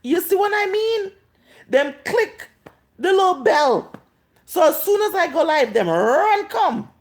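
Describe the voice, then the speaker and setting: A woman's voice: very high-pitched, very animated, unhurried. A woman in her late thirties with a Jamaican accent, ranting and scolding on a live stream, drawing out words for emphasis. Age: 30s. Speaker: vlogger.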